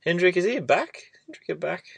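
A man's voice: high voice, very animated, fast, vocal fry, slightly rough, dry recording. A man with an Australian accent hosting a casual sports podcast chat, rambling through his points and laughing often. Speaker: podcast host.

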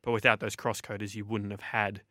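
An Australian man hosts a sports podcast, breaking down games with eager, confident opinions in long runs. His voice sits a little low for a man. It is recorded close and dry, with no room echo. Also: flat delivery, fairly quick, sharp tone. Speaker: sports journalist and podcast host. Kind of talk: casual sports podcast analysis.

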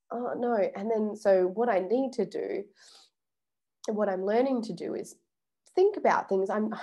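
A woman's voice: mid-range voice, dark tone. A young woman vlogging casually about personal boundaries, chatty and swearing freely, acting out little quoted exchanges. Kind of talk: casual self-help vlog.

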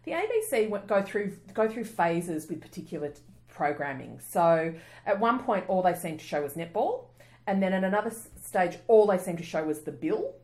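A woman co-hosting a podcast in casual chat, animated and quick to laugh, exaggerating for comic effect. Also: fairly low pitch. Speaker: podcast co-host.

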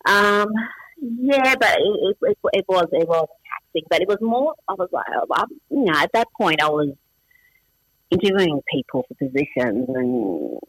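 A middle-aged man with an Australian accent, born in Iran with Farsi as his first language, talks through his story in a relaxed interview. His voice sits a little high and very bright. The sound is close and dry, and he often restarts his sentences with easy fillers. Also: normal speed, slightly rough, no echo, low-quality recording. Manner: chatty, self-deprecating, frequent restarts and fillers. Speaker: interview guest. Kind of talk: casual interview chat.

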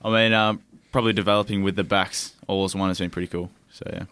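Here is a young Australian footballer being interviewed on a podcast. He talks hesitantly, full of fillers. His lowish voice is smooth, and it is recorded dry and close. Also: steady tone, fast, a bit bright, no room sound. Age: young adult. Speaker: footballer guest.

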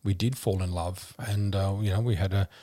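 A middle-aged man speaks in a fairly low voice, telling his story with open feeling. He stops and restarts often and uses fond words like honey and sweetheart. The sound is dry and close. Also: fairly even intonation, normal speed, no room sound. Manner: emotional, warm terms like honey and sweetheart, many restarts. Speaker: podcast guest sharing his story. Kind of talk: candid conversational storytelling.

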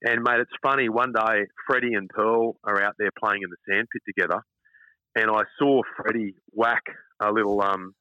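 Chatty Australian man, bright dull line. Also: fairly low pitch, normal speed, no echo. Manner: chatty, animated anecdotes, calls listener mate. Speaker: radio host, interview guest. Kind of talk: casual storytelling interview. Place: outdoors at front of his house.

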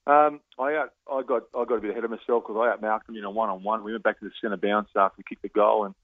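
A man's voice: on the low side, quick pace, dry recording. A man with an Australian accent, a former footballer in his fifties, telling stories in a radio interview with plenty of restarts. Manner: animated storyteller with many restarts and laughs. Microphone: phone. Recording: tinny phone line.

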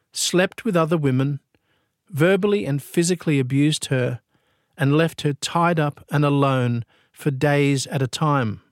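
A man narrates a true-crime story, grave and deliberate. He speaks slowly, with a slightly raised pitch and a dry, close sound. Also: dry recording.

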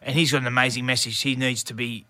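Australian man, 40s, former league player, bright forceful voice, dry close sound, animated storyteller. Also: mid-range voice, quick pace, no room sound. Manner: animated anecdotes, acts out shouting coaches, laughs often. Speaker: former rugby league player, podcast guest. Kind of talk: casual storytelling chat.

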